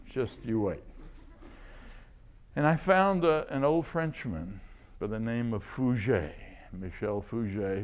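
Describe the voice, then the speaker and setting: An older man, a chemistry professor, tells enthusiastic stories during a seminar and chuckles often. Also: medium pitch. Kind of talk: anecdotal lecture.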